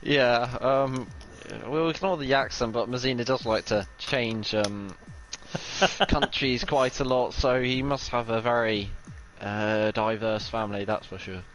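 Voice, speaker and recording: A man's voice: mid-range voice, steady tone, a little slow, a bit bright, slight background noise, low-quality recording. A man co-commentating a racing league stream in a casual, rambling way, laughing often. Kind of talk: live sim racing commentary.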